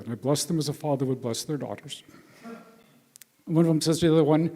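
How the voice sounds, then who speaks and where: An American man with a slightly high voice talks fast, warmly telling a congregation anecdotes from a volunteer mission and acting out the quotes. The recording has hall reverb.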